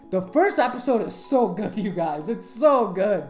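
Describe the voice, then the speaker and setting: A woman in casual commentary, gushing and profane, a fan who gets swept up in what she loves. Her pitch swings in a lively way. The room is roomy and echoey, with faint music behind. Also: moderate pace. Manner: excitable, profane, emotional fan talk. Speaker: anime commentator.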